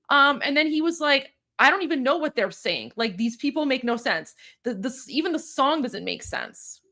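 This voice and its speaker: A woman from Iran co-hosting a live stream, talking in a rapid, emphatic and blunt way. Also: sits high, animated, sharp tone. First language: Persian. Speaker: co-host. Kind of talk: casual live-stream chat.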